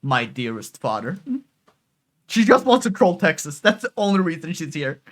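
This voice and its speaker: A man's voice: sits high, expressive, moderate pace, a bit bright. A man streaming live, reacting to and reading a game story, casual and laughing, swearing freely.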